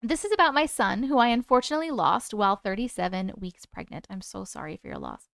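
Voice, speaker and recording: A woman's voice: mid-range voice, sing-song, quick pace, vocal fry, fairly bright tone, dry recording, studio quality. A woman hosting a live stream, reading viewer stories aloud and reacting with open emotion to the chat.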